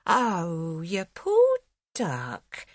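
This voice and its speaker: Woman putting on a homely landlady, motherly, lively swing in the voice. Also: on the low side, a little slow, dry recording, studio quality, full character voice. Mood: warm. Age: 30s. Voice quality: homely dropped-h slang, motherly. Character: chatty working-class London landlady, kindly.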